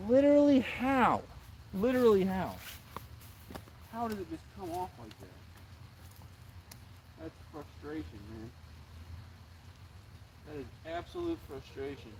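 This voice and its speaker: Young male fishing streamer, slightly high voice, casual and exasperated, faint outdoor ambience. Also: darkish tone, a little hiss or hum. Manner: exasperated, repeats himself, talks to chat. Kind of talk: casual live-stream chat. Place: outdoors by water.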